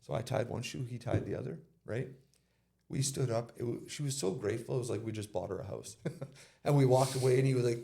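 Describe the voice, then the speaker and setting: A man's voice: medium pitch, brisk, creaky, darkish tone. A man giving an interview, telling a personal story and retelling conversations in casual quoted speech. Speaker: interview guest.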